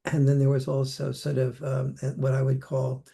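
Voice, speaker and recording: A man's voice: mid-range voice, completely flat delivery, normal speed, vocal fry, warm tone. An older man speaking reflectively as a podcast guest, now and then acting out the voices he quotes. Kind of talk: conversational interview.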